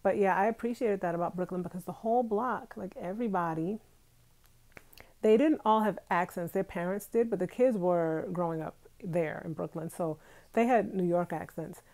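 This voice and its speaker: Low gravelly woman chatting on a live stream. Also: moderate pace, a little mellow. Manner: chatty, talks straight to viewers, laughs often. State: itchy nose from allergies. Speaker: vlogger hosting a live stream. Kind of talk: casual live stream chat. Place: bedroom at home.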